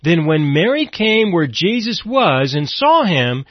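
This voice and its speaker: A man with a fairly high, sing-song voice preaches an expository sermon at a measured pace. He reads scripture aloud and explains it, sometimes dramatically voicing the grieving sisters' accusations. The recording is dull, lo-fi and dry, with no room sound.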